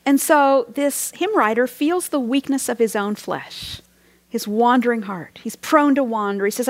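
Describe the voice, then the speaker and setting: Earnest woman teaching with a gravelly edge. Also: on the high side, expressive, measured pace, no room sound. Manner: earnest, reflective, drops to near whispers. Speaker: Bible teacher. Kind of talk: devotional sermon.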